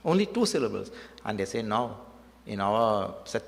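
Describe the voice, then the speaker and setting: A man's voice: fairly low pitch, sing-song, moderate pace, creaky. A man preaching a devotional sermon, telling a story with rhetorical questions and repeated words for emphasis. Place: temple hall. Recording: long hall reverb.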